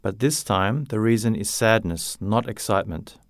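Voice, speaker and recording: A man narrating a simple graded-reader story with clear, deliberate reading. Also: lowish voice, no echo, studio quality.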